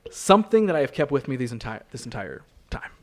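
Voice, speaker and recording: A man's voice: mid-range voice, sing-song, fast talker, natural voice. A man improvising a bitter man who claims he invented famous cartoon characters, telling his story in a rambling, indignant, crude way. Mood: confiding. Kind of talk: improv comedy role-play.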